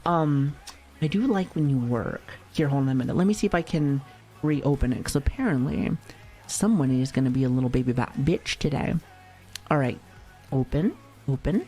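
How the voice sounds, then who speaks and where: A woman's voice: rumbling low, expressive, moderate pace, warm tone, soft background music. A woman streamer chatting casually with her viewers, playful and giggly, often laughing and swearing lightly. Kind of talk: casual live-stream chat.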